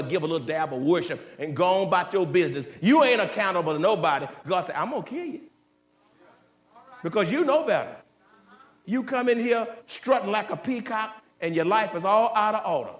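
A man preaches a fiery sermon, his high voice leaping up into shouts and then sinking into slow, heavy warnings. He talks straight at the congregation in a folksy way. The sound rings around a roomy church sanctuary. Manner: preaching with sudden shouted climbs and drops to low, slow warnings; folksy, direct address to the congregation. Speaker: pastor.

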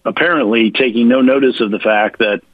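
A man's voice: medium pitch, fairly even intonation, dry recording. Man guest, emphatic explainer, dull dry radio sound. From Virginia. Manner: emphatic, mocking quoted voices, spells points out slowly. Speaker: political guest. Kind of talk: radio interview, argumentative explaining.

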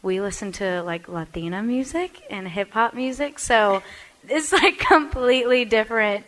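A woman from Texas, a singer guest chatting casually in a radio studio interview, pausing on fillers and laughing easily. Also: medium pitch, animated, a bit bright, low-quality recording.

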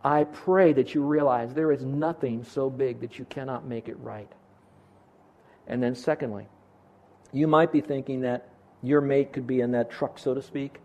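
A man's voice: fairly even intonation, normal speed, darkish tone. A man preaching a sermon as pastor of his church, earnest and conversational, lifting his voice to stress a point. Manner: earnest, rises in pitch for emphasis.

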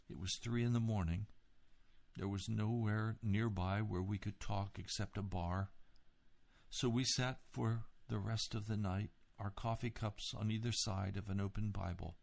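A man reading a memoir aloud as an audiobook, in a measured, steady way. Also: fairly low pitch, creaky. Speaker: audiobook reader. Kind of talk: scripted memoir narration.

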